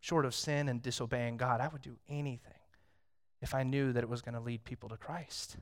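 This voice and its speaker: A man's voice: medium pitch, fairly even intonation, a little fast. Conversational male pastor preaching a sermon. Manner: conversational, storytelling, swings from hushed to loud.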